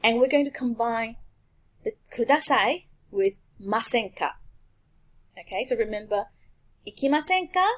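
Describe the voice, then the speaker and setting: A woman teaching a language lesson over slides, speaking clearly and patiently and pausing so learners can repeat after her. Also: on the high side, animated.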